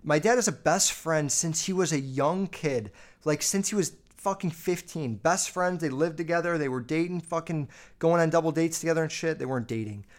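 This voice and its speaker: Speaking at a moderate pace in a voice on the high side, a podcast host recounts family stories casually. His delivery is loose and profane, full of constant swearing and filler words.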